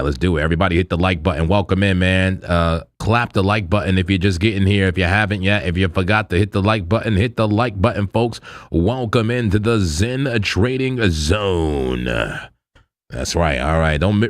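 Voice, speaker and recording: A man's voice: lowish voice, no echo. A man hosting a crypto trading livestream, chatting loosely with viewers in slang, repeating himself and laughing often. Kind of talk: casual live-stream chat with viewers.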